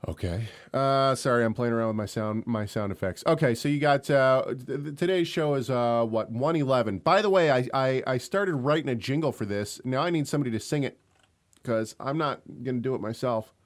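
A young man co-hosting an online radio talk show, rambling from one joke to the next and laughing as he goes. His voice sits at an ordinary middle pitch, and the talk is loose and casual. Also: brisk. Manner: joking, rambling, laughs often. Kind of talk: casual chat.

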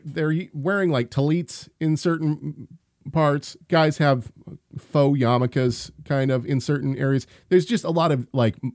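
A man's voice: fairly high pitch, a little mellow, dry recording. A man chatting casually on a podcast, telling stories with animation and frequent laughs. He often restarts mid-sentence. The recording is dry and close, with no room sound. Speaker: podcast co-host. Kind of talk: casual chat.

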